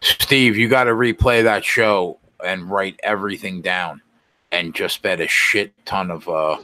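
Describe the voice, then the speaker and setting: A man co-hosting a casual sports betting podcast, blunt and quick to swear. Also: low voice, bright, forceful tone, dry recording. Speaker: podcast co-host.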